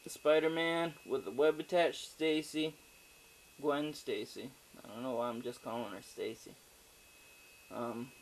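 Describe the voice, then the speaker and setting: Slow, rambling male movie reviewer. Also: mid-range voice, darkish tone, poor audio. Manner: rambling, profane, with frequent fillers and digressions. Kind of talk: casual spoken movie review.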